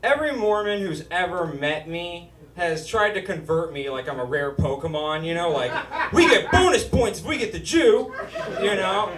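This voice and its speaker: A Utah man performs stand-up on a small comedy stage before a live studio audience, his nasal, whiny voice high-pitched, expressive and a bit bright at a moderate pace. His punchlines are sardonic and laced with swearing. The mic sits at a distance, and the roomy stage carries the audience's laughter.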